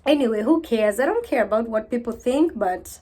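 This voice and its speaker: A woman in her thirties vlogging to camera in a casual, heartfelt way, weary and low, repeating herself as she talks of faith. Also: lively intonation, normal speed, warm tone.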